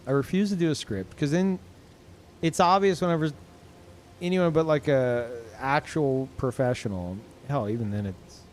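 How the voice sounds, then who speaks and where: A young man streaming games, tired and low on energy, rambling in casual chat with lots of swearing, ums and restarts. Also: normal speed, slight background noise. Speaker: game streamer.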